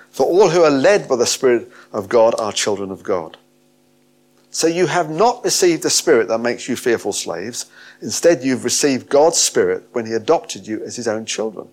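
A man's voice: mid-range voice, normal speed. A man preaching a sermon, reading scripture and expounding it with emphatic, rising delivery. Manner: emphatic, rising to animated peaks.

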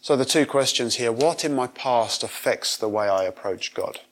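A man's voice: medium pitch, animated, moderate pace. A man giving a conversational sermon, acting out quoted voices as he retells a parable. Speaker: preacher.

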